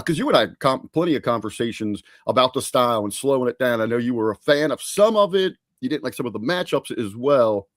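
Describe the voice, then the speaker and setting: A male podcast co-host talks in a loose, conversational way, often restarting his sentences. His voice sits at an ordinary middle pitch. The sound is dry and close, with no room echo. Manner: conversational, many fillers and restarts. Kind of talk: casual podcast review chat.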